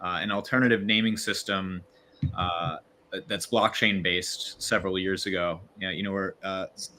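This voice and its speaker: A man's voice: low voice, steady tone, normal speed, pushed and bright, slight background noise. A man on a video call, guest on a casual livestream, explaining his work with frequent fillers and restarts. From Virginia. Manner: hesitant, many fillers and restarts. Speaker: growth lead guest.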